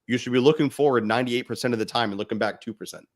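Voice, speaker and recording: A man's voice: mid-range voice, very fast. Blunt, swearing man giving a motivational talk. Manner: blunt, swears freely, speaks directly to the listener. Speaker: podcast co-host.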